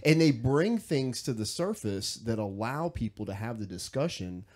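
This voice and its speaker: A man co-hosting a casual podcast, making reflective, measured points. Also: medium pitch, big pitch swings, a little mellow. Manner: reflective, measured points about writing and growth. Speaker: podcast co-host. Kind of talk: casual chat.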